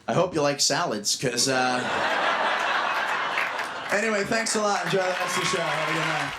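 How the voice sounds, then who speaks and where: Male stand-up, wry and jokey, slightly high voice, noisy old club tape. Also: moderate pace, long pauses. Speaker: stand-up comedian. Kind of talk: stand-up set. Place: comedy club stage with audience.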